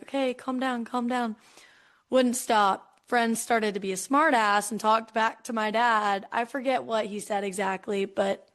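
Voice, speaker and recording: A young woman hosting a casual podcast interview, telling stories in a chatty, animated way with lots of filler words. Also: on the high side. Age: young adult. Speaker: podcast host.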